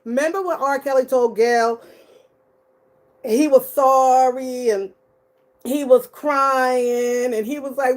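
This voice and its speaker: Animated, profane woman commentator. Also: sits high, slow pace, long pauses. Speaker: commentary YouTuber. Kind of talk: casual commentary.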